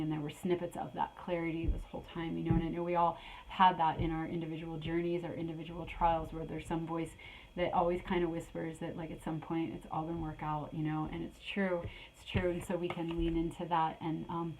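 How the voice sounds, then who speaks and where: A middle-aged woman with a low, gravelly voice rambles through a spiritual tarot reading, circling back to repeat her phrases. Her delivery stays fairly flat in pitch and she sounds a little out of breath. A faint noise sits under the recording. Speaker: tarot reader.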